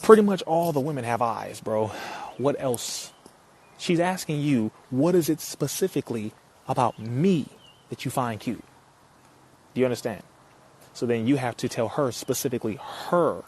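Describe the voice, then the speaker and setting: A young man from California, hosting a casual livestream. He energetically reads viewer comments aloud, shouts out their cities, and often laughs between phrases. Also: medium pitch, slight background noise. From Compton, California. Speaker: live-stream host. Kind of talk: casual live-stream chat.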